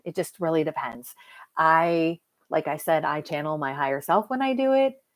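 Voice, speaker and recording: A woman hypnotherapist chatting casually to viewers on a live stream, lively and talking straight to her audience. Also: sits low, normal speed. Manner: chatty and lively, addresses viewers as "you guys". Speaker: hypnotherapist and mentor.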